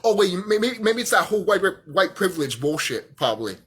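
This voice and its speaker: A man's voice: sits high, sing-song, a little fast, fairly bright tone, slightly rough. A young man vlogging a heated, profane rant, often repeating himself. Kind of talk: angry rant monologue.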